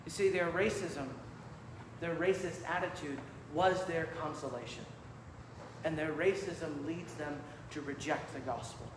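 A man preaching a sermon from the pulpit with emphatic, measured delivery. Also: fairly high pitch. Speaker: pastor. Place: church sanctuary. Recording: echoey church hall with faint room noise.

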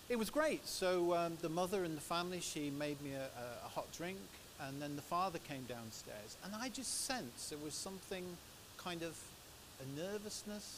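An English man giving a church sermon into a microphone, telling personal stories in a chatty, anecdotal way. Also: high-pitched. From England. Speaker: preacher. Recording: steady background hiss.

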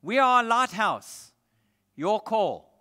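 A man's voice: fairly high pitch, expressive, moderate pace, a bit bright. A man doing an unbothered lighthouse keeper. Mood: unmoved. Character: calm male lighthouse keeper on radio. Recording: echoey church hall.

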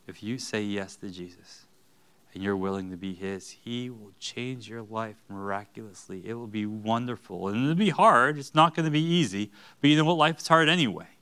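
A man's voice: on the low side, moderate pace, sharp tone, smooth. A man preaching an earnest sermon in a church, rising to emphatic bursts. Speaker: pastor.

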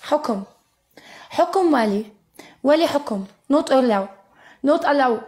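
High-voiced woman on a tiktok live, pushy, says the same thing over and over, broken english. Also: expressive, brisk, darkish tone. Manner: insistent, repeats phrases, mixes Arabic into English. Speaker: TikTok live match player. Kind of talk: casual live-stream banter in broken English.

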